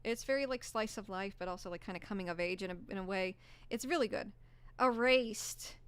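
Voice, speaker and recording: Hoarse, gushing young woman streamer. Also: mid-range voice, brisk, a bit bright, no room sound. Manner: bubbly, gushing, rambling with many fillers. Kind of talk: casual live-stream chat.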